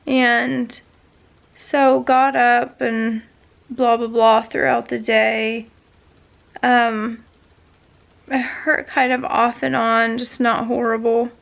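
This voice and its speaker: Creaky-voiced woman vlogger telling a story. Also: a little high, little pitch movement, slow pace, pauses often, dull audio. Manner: rambling storytelling with many fillers. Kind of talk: casual chat.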